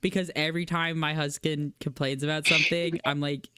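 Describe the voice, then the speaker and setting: A woman co-hosting a podcast, talking in an animated, casual way, swearing freely and filling her speech with "like". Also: low-pitched, normal speed, smooth, dry recording, studio quality. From United States. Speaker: podcast co-host. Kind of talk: casual chat.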